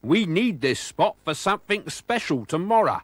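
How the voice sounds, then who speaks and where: A man voicing a sneaky male crook who shrieks his lines in a high, loud voice. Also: big pitch swings, normal speed, no room sound. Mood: warning. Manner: shrill, shrieking.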